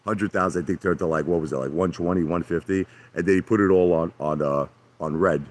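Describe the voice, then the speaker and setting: Low-voiced male livestream host, argumentative rambler talking to chat from his hot tub. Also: a little fast. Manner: brash, argumentative, repeats himself, addresses chat by name. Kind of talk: rambling live chat with viewers.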